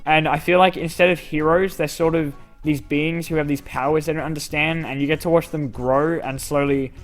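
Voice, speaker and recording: A man's voice: a little high, steady tone, moderate pace, soft background music. Young man answering fan questions. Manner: self-deprecating, rambling with fillers. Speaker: YouTube channel host answering fan questions. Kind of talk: casual Q&A reading comments aloud.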